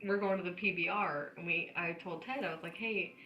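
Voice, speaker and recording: A woman's voice: lowish voice, fast, roomy sound, dull audio, a little hiss or hum. A woman, co-hosting a podcast, telling funny family stories with lots of laughter. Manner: animated, laughs often while telling stories. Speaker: podcast co-host. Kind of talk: casual storytelling chat.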